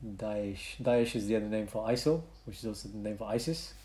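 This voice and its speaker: Podcast co-host, man, deeper voice, animated and swinging in volume. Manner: animated, swings loud and soft, quick bursts. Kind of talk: casual podcast chat.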